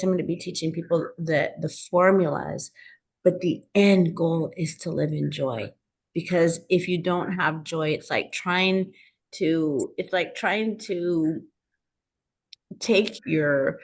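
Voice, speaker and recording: Woman coach teaching a class, kinda low voice, earnest and emphatic, tells lots of stories. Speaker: self-help coach and teacher.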